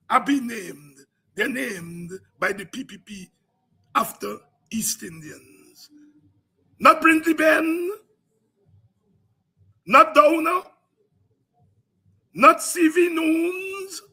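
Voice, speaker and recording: Guyanese man, political host, bright piercing tone, swooping lively pitch, impassioned oration. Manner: preaching cadence, rising to cries and shouts.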